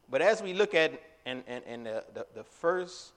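A man preaching a sermon in a casual, conversational way, full of fillers and restarts, breaking into loud emphatic lines. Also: fairly high pitch, big pitch swings, measured pace.

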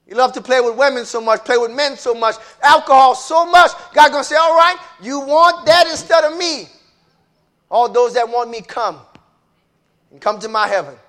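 High-voiced preacher man swinging loud to soft. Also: normal speed. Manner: swings from booming shouts to low, hushed lines; calls out to the congregation. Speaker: pastor. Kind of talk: preaching a sermon.

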